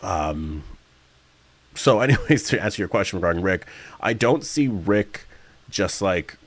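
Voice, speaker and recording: Male streamer, very low voice, dry close sound, rambling chat Q&A. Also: lively intonation, normal speed, no room sound. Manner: rambling, chatty, frequent fillers and self-corrections; sometimes yawning mid-speech. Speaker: streamer reading live chat. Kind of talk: casual livestream Q&A.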